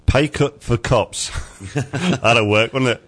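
Teasing radio host. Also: male voice, medium pitch, slow, a bit bright. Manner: teasing, jokey, laughs often. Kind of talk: casual radio chat.

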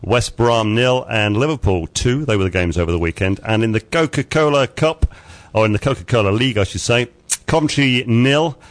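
A man's voice: mid-range voice, normal speed. A man hosting a radio show, reading a casual sports roundup with frequent fillers and chuckles. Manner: chatty, chuckling, lots of uhs while reading results.

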